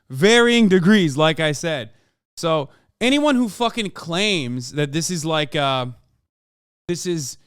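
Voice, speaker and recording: Guy streamer ranting and swearing, smooth clear voice, dead dry room. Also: on the high side, a bit bright, no echo. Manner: profane, heated and sarcastic rants. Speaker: streamer reacting to a video. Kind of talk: casual stream commentary. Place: home.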